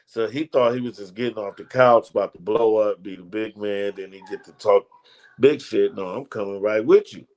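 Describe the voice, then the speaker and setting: Low-voiced man telling loose stories. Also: moderate pace. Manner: loose, rambling, slangy storytelling with restarts. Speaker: comedian guest. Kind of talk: casual storytelling interview.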